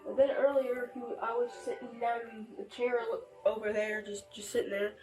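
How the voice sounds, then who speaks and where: A teenage girl inside her family home telling a deputy what happened, halting and rambling with many fillers and restarts, picked up by an officer's body camera. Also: a little high, fairly even intonation, low-quality recording. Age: teens. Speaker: family member reporting to deputy. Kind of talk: recounting events to police.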